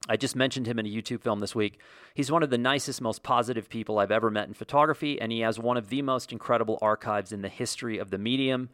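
A man talks through a solo podcast, rambling from point to point with sarcastic jokes and quick mock quotes. His pitch sits in a middle range for a man. The recording is dry and close, with no room echo. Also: fairly bright tone. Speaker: podcast host.

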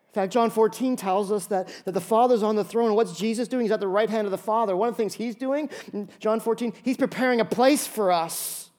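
A male pastor preaching a sermon, telling stories in an animated way with many quick restarts. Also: high-pitched.

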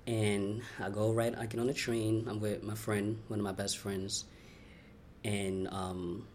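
A young man from Brooklyn, telling his life story in an interview, candid and heartfelt, talking in quick runs with lots of "you know" and "like.". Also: lowish voice, little pitch movement, darkish tone. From Brooklyn, New York. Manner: candid, fast-flowing, heartfelt, many "you know" and "like" fillers. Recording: faint background noise.

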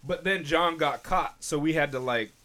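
A man's voice: fairly high pitch, normal speed, a crowd in the background. A man co-hosting a casual podcast chat, telling a story in a rambling way with many restarts. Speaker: podcast co-host.

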